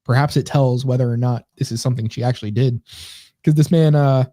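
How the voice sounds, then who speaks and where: A man's voice: medium pitch, steady tone, brisk, mellow, no room sound, clean studio sound. A man co-hosting a casual comedy podcast, rambling and sarcastic as he reads comments aloud. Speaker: podcast co-host.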